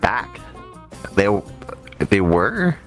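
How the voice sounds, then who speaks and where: A man co-hosting a live-streamed chat show, talking in loose, rambling bursts. He laughs often, and his voice leaps up high when he gets excited. Faint music plays quietly underneath. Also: drawn-out words. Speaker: co-host.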